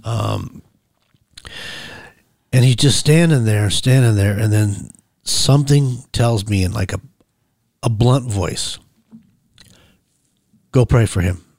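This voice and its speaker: A man's voice: on the low side, lively intonation, slow, vocal fry, pauses often, darkish tone, no echo, studio quality. A man, a podcast guest, telling his own story casually and acting out the dialogue as he goes.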